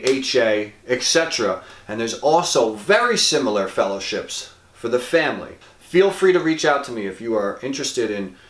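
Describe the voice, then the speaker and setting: A man hosting a show, speaking earnestly to the camera and speeding up or slowing down for emphasis. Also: medium pitch, a bit bright. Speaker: host. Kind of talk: earnest direct-to-camera talk. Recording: roomy echo.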